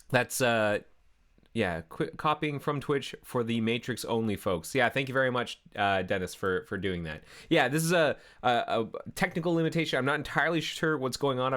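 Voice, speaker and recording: Canadian man, coding stream host, casual rambling chat, self-correcting, mid-pitched voice. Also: fairly bright tone. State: chewing a carrot.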